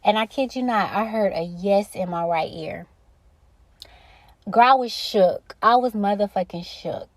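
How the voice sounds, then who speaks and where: A woman's voice: medium pitch, measured pace, no room sound. A woman hosting a spiritual podcast, talking casually and directly to her listeners with plenty of slang. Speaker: podcast host.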